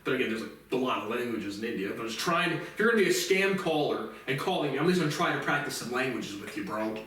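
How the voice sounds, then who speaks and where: A man's voice: mid-range voice, sing-song, quick pace, fairly bright tone. A man talking alone on his show in a casual, rambling monologue, blunt and full of swearing. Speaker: podcast host. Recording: echoey room, mic at a distance.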